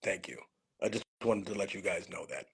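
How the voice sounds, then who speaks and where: Low, gravelly and breathy, this man's voice is animated and moves at a normal speed. He hosts a casual livestream from home, speaking over the phone with loose, profane stories, though a bad line occasionally slurs his speech.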